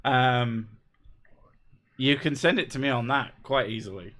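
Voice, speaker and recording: Casting: male YouTuber in a laid-back live-stream chat, sweary, quick to laugh, mid-pitched voice. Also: a bit bright.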